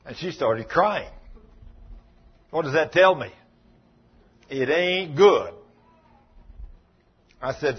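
A man's voice: fairly high pitch, husky, highs cut off. A man preaching a sermon in a folksy, emphatic way, telling stories and acting out the dialogue. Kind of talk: sermon with storytelling.

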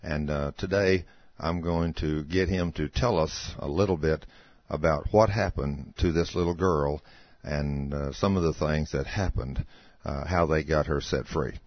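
A man's voice: rumbling low, unhurried, dry recording. A man hosting a talk show, introducing his guest unhurriedly with many "uh" fillers. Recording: dull, muffled sound.

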